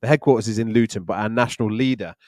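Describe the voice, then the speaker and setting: A man's voice: lowish voice, rapid-fire, a little mellow, no echo, clean studio sound. A man, co-hosting a live online church Q&A in a chatty, joking way. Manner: jokey, chatty, laughs often. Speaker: church leader and co-host.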